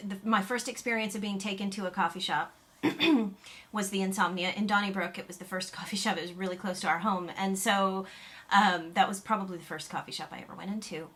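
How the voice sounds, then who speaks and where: A woman's voice: mid-range voice, a bit bright. An American woman vlogging to camera in casual chat, chatty and rambling with frequent fillers, restarts and little laughs. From United States. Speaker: YouTube vlogger.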